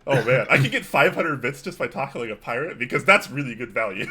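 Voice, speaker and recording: Man, co-host, casual livestream chat, chatty, laughs easily, bright voice, faint hum behind. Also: medium pitch, animated, brisk.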